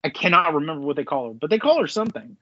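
A man co-hosting a casual pop-culture podcast, talking in an animated, rambling way and swearing freely. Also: a little high, rapid-fire, no echo. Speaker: podcast co-host. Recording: slightly dull lo-fi sound.

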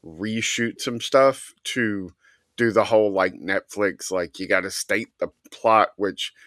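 Slow, bright-voiced man, hesitant. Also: lowish voice, no room sound. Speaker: podcast co-host. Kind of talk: casual movie chat.

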